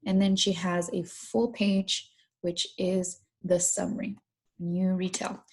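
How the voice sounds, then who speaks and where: Gravelly-voiced woman teaching vocabulary. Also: on the low side, flat delivery, takes it slowly, a little mellow. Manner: repeats words and asks students to say them along; restarts phrases and explains in loose everyday words. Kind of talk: online vocabulary lesson and read-aloud.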